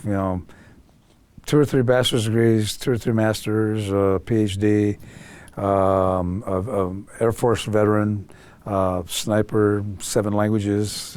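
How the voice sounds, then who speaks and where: An older man, a guest in an interview, telling stories animatedly and acting out other people's voices. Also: fairly low pitch. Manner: animated, acts out quoted voices. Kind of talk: storytelling interview.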